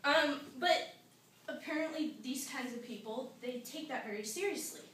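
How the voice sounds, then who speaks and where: High-voiced young woman with a sarcastic comic rant. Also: normal speed, a bit bright. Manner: sarcastic, acts out panicked quotes. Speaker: student giving a speech. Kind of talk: comic complaint speech. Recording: echoey room, mic far off, noisy.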